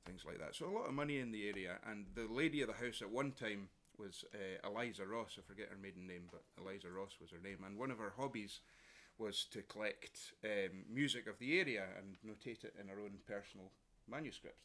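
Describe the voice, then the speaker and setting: A man, a folk musician, chatting to an audience at a house concert about the history of some tunes, with many halting pauses. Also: on the low side, fairly bright tone. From Scotland. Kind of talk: introducing tunes on stage.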